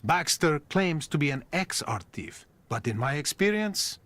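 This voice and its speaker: An actor playing a suave, measured game character who speaks with knowing charm. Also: male voice, on the high side, very animated, fairly bright tone. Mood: composed. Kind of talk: game voice acting.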